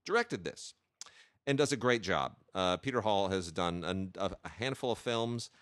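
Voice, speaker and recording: A man's voice: low voice, lively intonation, normal speed, a bit bright, dry recording, clean studio sound. A man hosting a show, chatting casually and eagerly about film releases, with frequent hesitations and restarts. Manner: enthusiastic, with many hesitations and restarts. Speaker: podcast host reviewing film releases. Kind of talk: casual chat.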